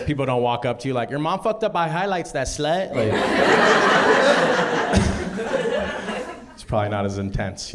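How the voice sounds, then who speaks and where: A young man performing a stand-up comedy set, rambling casually with lots of fillers and acting out quotes. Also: lowish voice. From half Mexican, half German. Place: comedy club stage with audience laughter.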